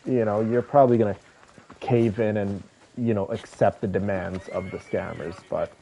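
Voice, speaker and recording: Laid-back low-voiced male streamer. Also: moderate pace, vocal fry. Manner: relaxed, chatty, rambling asides. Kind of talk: casual chat with viewers while gaming.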